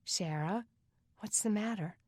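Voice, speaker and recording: A woman voicing a calm, caring older teenage girl who talks gently and reassuringly. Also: medium pitch, unhurried, no room sound, clean studio sound, voice pushed up, close to an everyday voice. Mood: gentle.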